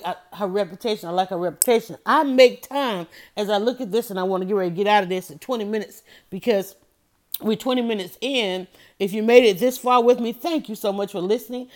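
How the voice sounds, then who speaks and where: A woman hosting a motivational podcast, telling stories with lively energy and repeating her key phrases to press a point. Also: a little high. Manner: lively storytelling, addresses listeners as y'all and honey. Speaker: podcast host.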